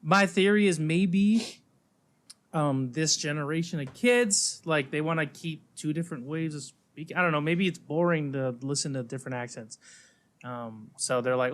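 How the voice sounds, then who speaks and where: A man in his thirties co-hosting a casual podcast chat, animated and acting out quoted lines. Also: a little high, moderate pace. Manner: animated, acts out quoted voices. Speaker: podcast co-host.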